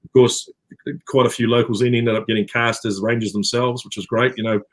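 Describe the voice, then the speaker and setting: A man's voice: mid-range voice, flat delivery, brisk. A middle-aged man with a New Zealand accent, chatting as an interview guest, rambling with many fillers and restarts. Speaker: actor guest. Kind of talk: casual interview chat.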